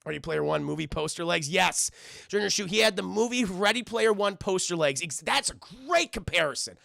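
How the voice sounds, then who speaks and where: Man, film review livestream, crude, excitable, high voice, very gravelly. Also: a little fast, no room sound, studio quality. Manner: crude, excitable, laughs often, talks to chat. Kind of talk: casual livestream commentary.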